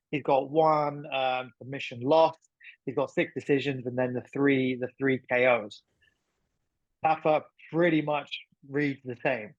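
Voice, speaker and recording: A man's voice: a little high, no echo. A man co-hosting a podcast in casual chat, chatty and thinking aloud with plenty of fillers. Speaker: podcast co-host. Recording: dull lo-fi sound.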